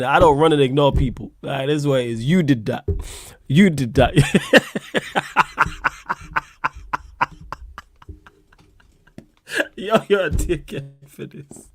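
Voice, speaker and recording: A man's voice: a little high, expressive, slow pace, long pauses, fairly bright tone. A man hosting a casual livestream chat, laughing a lot, swearing and using slang while answering viewer questions.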